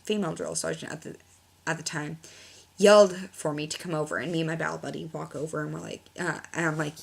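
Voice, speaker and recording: A woman's voice: deep voice, steady tone, fast talker, vocal fry, breathy edge. A young woman telling a personal story in a casual vlog, rambling and correcting herself often. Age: young adult. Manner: rambling, self-correcting, frequent fillers. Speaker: vlogger.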